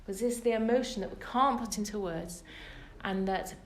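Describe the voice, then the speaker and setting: A religious teacher with a British accent gives a Torah class for women, telling the story to a live audience with earnest emphasis. Her medium-pitched voice moves fairly quickly. The echoey recording carries a little hiss or hum.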